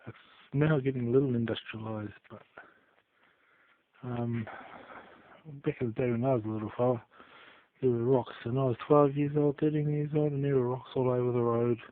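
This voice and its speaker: A man telling rambling stories in a casual vlog, swearing freely and trailing off into quiet asides. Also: mid-range voice, steady tone, normal speed, pauses often. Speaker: vlogger. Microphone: phone. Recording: tinny phone-like sound.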